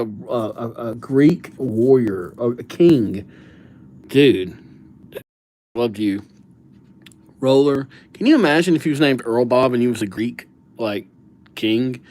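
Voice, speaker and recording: Man, livestream host, casual chat, playful, slangy banter, medium pitch. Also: no echo. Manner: playful, riffs on names with silly nicknames; laid-back, slangy banter with viewers. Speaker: livestream host writing viewers' names.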